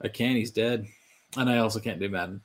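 A man co-hosting a podcast, chatting casually and riffing in an animated way. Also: on the low side. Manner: animated, quick riffing, lots of fillers. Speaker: podcast co-host. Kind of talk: casual chat.

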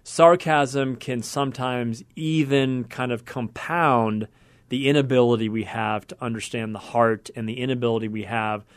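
An earnest man hosts a podcast conversation, working through his thoughts aloud in long, winding sentences. His voice sits at an everyday middle pitch. The sound is close and dry, with no room echo. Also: fairly even intonation, normal speed. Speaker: podcast host.

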